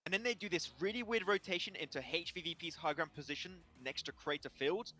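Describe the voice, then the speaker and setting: A man analysing esports matches on a watch party desk, talking rapidly in gamer slang. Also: fairly high pitch, expressive, sharp tone, faint music behind.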